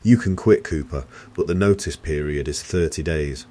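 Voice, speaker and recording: A man voicing a cold, unflappable office boss who speaks in a flat, measured and unnervingly calm way. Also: very deep voice.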